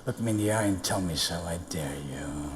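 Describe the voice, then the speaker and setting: A man voicing a big, domineering male boss who talks slowly and threateningly on a live stage. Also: echoey room, heavy background noise, close to an everyday voice. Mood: menacing. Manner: slow, booming, domineering. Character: menacing big male boss, commanding and stern.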